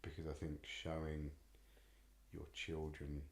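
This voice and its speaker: English dad, co-host, slow reflective chat, very low voice, echoey. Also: male voice, completely flat delivery. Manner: reflective, hesitant with many ums. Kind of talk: casual chat.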